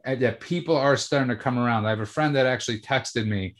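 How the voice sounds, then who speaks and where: A man co-hosts a casual podcast. He talks with halting, stammering restarts. In between he runs through friendly promo reads for the show. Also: medium pitch. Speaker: podcast co-host.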